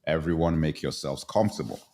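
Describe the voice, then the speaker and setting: A man's voice: very deep voice, fairly quick, mellow. A middle-aged man hosting a live commentary stream, greeting viewers by name and repeating his phrases, a little congested from sneezing. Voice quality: repetitive, says phrases twice. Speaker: live show host.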